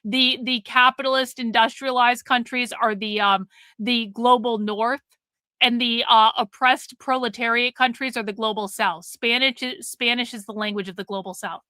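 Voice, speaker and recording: A woman's voice: a little high, fairly even intonation, moderate pace, bright, forceful tone, no room sound. A woman hosting a live stream, commenting bluntly and explaining things to her chat. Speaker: livestream host.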